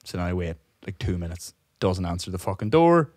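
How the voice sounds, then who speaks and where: Low-voiced swearing storyteller man. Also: sing-song, fairly quick, a little mellow, no echo, clean studio sound. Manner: rambling, swears often, laughs while telling. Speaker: podcast co-host. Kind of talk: casual storytelling chat.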